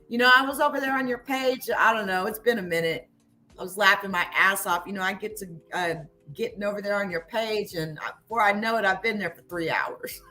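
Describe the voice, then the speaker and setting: A woman's voice: medium pitch, a little fast, bright, forceful tone, faint music behind. A woman doing casual reaction commentary, sarcastic and incredulous, swearing freely and chatting to her viewers. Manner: chats to viewers in live chat. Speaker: online commentator.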